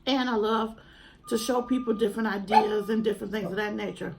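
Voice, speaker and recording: A woman's voice: medium pitch, brisk, vocal fry, darkish tone, slight background noise, low-quality recording. A young woman, earnestly and chattily talking to camera at home in a vlog. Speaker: mukbang vlogger. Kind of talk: casual heartfelt chat to camera.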